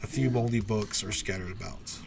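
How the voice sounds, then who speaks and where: A man's voice: fairly low pitch, a little fast, creaky, noisy background. A man narrating as dungeon master, reading room descriptions with frequent uhs and ums. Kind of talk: narrating a tabletop game.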